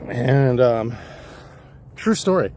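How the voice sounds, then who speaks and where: A man's voice: mid-range voice, lively intonation, takes it slowly, warm tone, a little hiss or hum. A man livestreaming while hiking a trail, casually telling a wandering, profane story. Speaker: livestream vlogger. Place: outdoor hillside trail.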